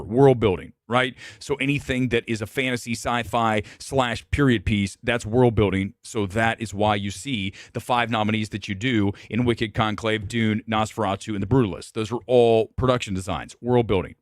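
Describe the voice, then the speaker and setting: A man's voice: normal speed, no echo, studio quality. Blunt opinionated man hosting a movie chat. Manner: blunt, opinionated, swings between loud outbursts and low mutters. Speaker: film talk show host. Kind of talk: live movie review chat.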